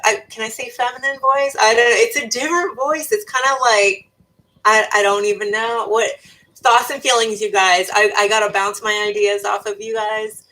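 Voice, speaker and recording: This clip has a young woman reading her live chat on YouTube, musing aloud with plenty of fillers and restarts. She speaks at a moderate pace in a fairly high, steady, bright voice with a forceful edge, captured on a low-quality recording.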